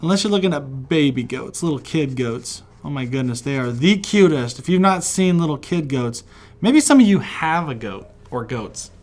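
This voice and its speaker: A man's voice: a little high, expressive, normal speed. Upbeat man teaching kids to draw. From West Virginia. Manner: friendly, chatty, encouraging, laughs often. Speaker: kids' art teacher. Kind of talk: drawing lesson for children.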